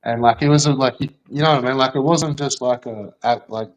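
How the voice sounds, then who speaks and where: A man's voice: mid-range voice, brisk, poor audio. Sweary man spinning a yarn. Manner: sweary, laughing, rambling with many fillers. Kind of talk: casual storytelling.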